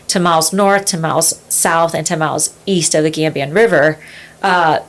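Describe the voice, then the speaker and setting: A woman's voice: sits low, steady tone, normal speed. A woman in her thirties, a podcast guest, telling her story in a rambling, casual way with lots of fillers. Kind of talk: casual interview conversation.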